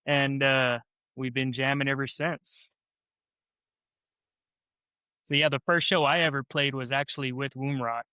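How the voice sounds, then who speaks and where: A man's voice: mid-range voice, steady tone, normal speed, bright, forceful tone, clean tone, no room sound. A man, a band's vocalist, chatting as a guest in a laid-back way full of fillers. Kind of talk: casual chat.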